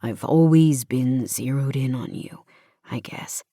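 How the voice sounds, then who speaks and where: A soft-spoken young lover in an audiobook, hushed and close, often dropping to a whisper. The voice sits very low and deep for its reader, and the recording is dry and close-miked, with no room around it, as a woman reads him. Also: slow pace, no room sound, full character voice. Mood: warm. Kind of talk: audiobook character voice.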